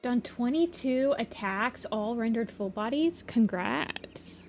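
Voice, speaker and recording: A woman's voice: a little high, expressive, slow pace, soft background music. Chatty woman streaming her drawing. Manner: reads chat aloud and answers it. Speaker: art streamer. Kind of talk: casual livestream chat while drawing.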